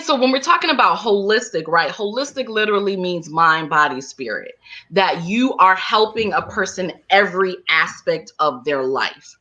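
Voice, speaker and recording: Bright-voiced woman telling her story. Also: mid-range voice. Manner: animated, many fillers like "like" and "you know". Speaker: guest, holistic healer and counselor. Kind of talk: casual interview storytelling. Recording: dull lo-fi sound.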